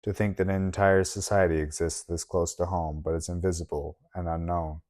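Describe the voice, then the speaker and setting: A man narrating an audiobook in a very low, deep voice. His reading is steady and measured, paced for a story.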